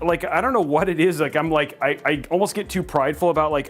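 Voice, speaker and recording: A man's voice: fairly high pitch, fast talker. A man hosting a livestream PC build, chatting casually and joking about himself, with lots of "like"s. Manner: self-deprecating, joking, talks with many "like"s. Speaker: host.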